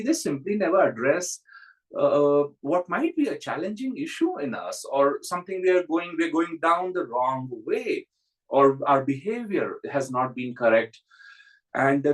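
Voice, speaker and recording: A man's voice: fairly high pitch, poor audio. A man who is a spiritual teacher, giving a reflective spiritual talk and telling stories with frequent chuckles.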